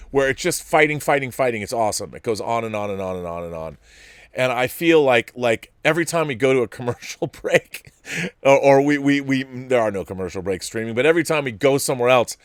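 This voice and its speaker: Middle-aged male host, lively sing-song delivery, giggly, dry close sound. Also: medium pitch, smooth, dry recording. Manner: giggly, rambling, laughs often. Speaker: show host. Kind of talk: casual solo commentary.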